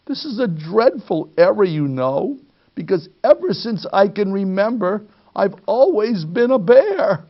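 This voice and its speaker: A man's voice: sits high, big pitch swings, unhurried, muffled recording, voice pushed up, heavily acted. Man voicing a stammering sleepy bear. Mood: alarmed. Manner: stammering, pleading. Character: sleepy confused bear, polite and insistent.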